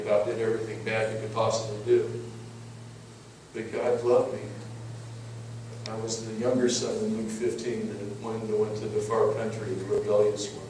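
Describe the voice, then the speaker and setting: A man's voice: lowish voice, a little mellow, a little hiss or hum. A middle-aged man giving an emphatic sermon testimony, telling his story and repeating words as he goes. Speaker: preacher. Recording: echoey hall, mic at a distance.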